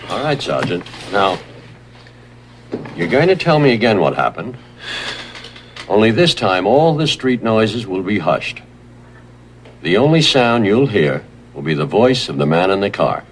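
Lively-pitched, measured hypnotist, coaxing questions. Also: male voice, a little hiss or hum. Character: male hypnotist guiding a cop's memory, calm and probing.

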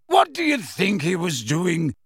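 A man voicing a wry, teasing grown man in an audiobook reading, delivered with lively intonation. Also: fairly high pitch, a little slow, no echo, clean studio sound, exaggerated voice. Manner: teasing, self-assured.

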